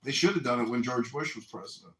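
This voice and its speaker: A man's voice: medium pitch, fast, a bit bright, reverberant. A man in heated casual debate, swearing often and speaking emphatically, with a mocking edge.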